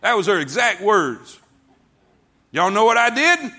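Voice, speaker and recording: A pastor delivering a sermon in a bright, forceful, rather high voice. He tells folksy stories to his congregation, dropping to hushed asides and then rising to shouts. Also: big pitch swings, measured pace. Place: church sanctuary before a congregation.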